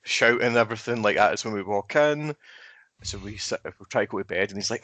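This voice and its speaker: A man's voice: on the low side, a little fast, fairly bright tone, no echo. A man co-hosting a casual chat, telling stories and acting out what people said. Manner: storytelling, acts out quotes. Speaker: co-host.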